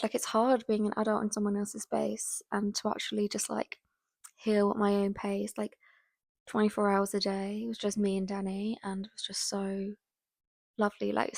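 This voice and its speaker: A woman's voice: mid-range voice, no echo, clean studio sound. Chatty woman in her twenties. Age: 20s. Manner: chatty and rambling, full of "like" and "um"; often drops to a soft whisper. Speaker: vlogger. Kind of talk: casual chat to camera.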